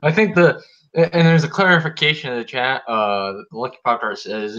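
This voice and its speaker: A man's voice: medium pitch, steady tone, moderate pace, pushed and bright, dull audio. A man joining a live stream as a guest, bantering crudely and restarting his sentences. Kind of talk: casual live-stream chat.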